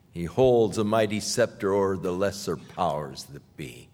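A male pastor preaching a sermon in a slow, emphatic style that swells loudly on scripture. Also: lowish voice, big-room sound.

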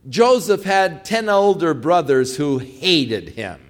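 A man's voice: on the high side, very animated, slow pace. A male preacher retelling a story in a sermon, conversational and emphatic.

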